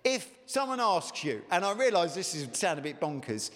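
Animated high-voiced male preacher in a hall. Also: normal speed. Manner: earnest, conversational preaching with repeated questions. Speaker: pastor. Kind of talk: sermon. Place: church.

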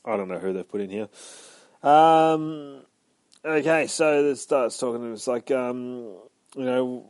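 A man's voice: mid-range voice, a little slow, a little mellow, no room sound. A man giving a casual, rambling comic book review, swearing freely and retelling scenes with energy.

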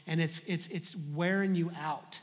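A man preaching a sermon as a pastor, animated and humorous in how he tells the story. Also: fairly high pitch, unhurried, big-room sound.

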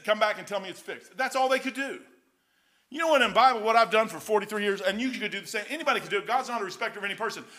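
Bright high-voiced older male preacher. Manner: rambling folksy anecdotes, says "man" often. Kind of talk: storytelling sermon.

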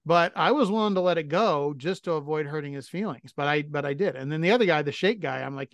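A man's voice: on the high side, quick pace, hardly any pauses, dry recording. A middle-aged man co-hosting a podcast, telling stories in a blunt, profane, self-mocking way. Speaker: podcast co-host. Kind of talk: casual chat.

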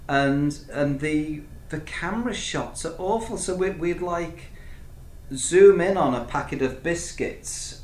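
A man hosting a casual chat, rambling through opinions with many restarts and asides. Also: on the high side. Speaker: podcast host reviewing TV shows. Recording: echoey room with faint background noise.

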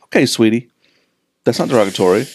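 A man's voice: mid-range voice, expressive, fast talker, a little hiss or hum. A middle-aged man with a Southern American accent, joking and rambling as a podcast co-host. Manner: rambling, jokey, plays voices in quotes. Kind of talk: casual podcast banter.

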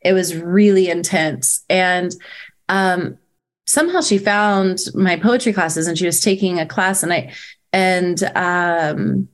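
A woman who teaches poetry, telling a story in casual chat with a frank, animated way of talking, full of "like" and the odd swear word. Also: on the low side, slow pace.

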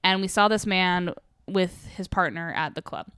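Young woman chatting about a movie, animated, clear tone, dry room. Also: lowish voice, moderate pace, dry recording. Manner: animated, laughs often, acts out quotes. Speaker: podcast co-host. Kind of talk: casual chat recapping a film.

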